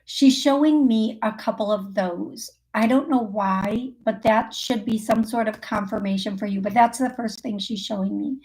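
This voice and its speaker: A woman's voice: medium pitch, normal speed, few pauses, a little mellow, slight background noise. A woman hosting a call-in show as a psychic medium. She talks in a chatty, rambling way, with lots of fillers and self-corrections, and laughs often. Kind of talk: casual live call-in readings.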